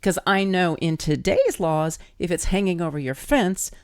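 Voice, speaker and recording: A woman's voice: lowish voice, lively intonation, moderate pace, a little mellow, no echo, studio quality. A woman co-hosting a podcast, chatting casually and playfully reacting to the story. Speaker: podcast co-host.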